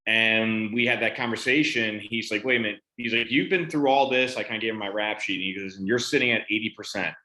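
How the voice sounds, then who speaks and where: A man's voice: fairly low pitch, quick pace, hardly any pauses, sharp tone. A man, a veteran on a panel, casually telling a story about his benefits and retelling conversations in quotes. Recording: roomy echo.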